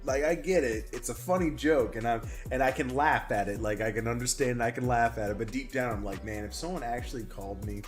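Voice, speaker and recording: A man's voice: medium pitch, fairly quick, few pauses, faint music behind. A man from the American South, chatting and arguing with a friend during a gaming stream, telling stories with lots of laughs. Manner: animated, laughing, argumentative storytelling. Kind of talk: casual gaming stream banter.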